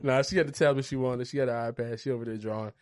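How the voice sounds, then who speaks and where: A man's voice: mid-range voice, steady tone, racing, a little mellow, no room sound, studio quality. Laid-back laughing podcast co-host, man. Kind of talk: casual podcast chat.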